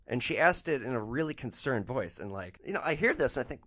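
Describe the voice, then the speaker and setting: A man hosting a podcast, telling a rideshare story with sarcastic, animated delivery. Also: mid-range voice, brisk, few pauses. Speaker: podcast host and rideshare driver.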